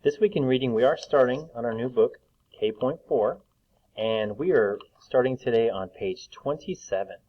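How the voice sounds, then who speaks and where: A man teaches a recorded phonics lesson to young children, drawing out each vowel sound slowly and patiently. His voice sits fairly low. The recording is dull and lo-fi.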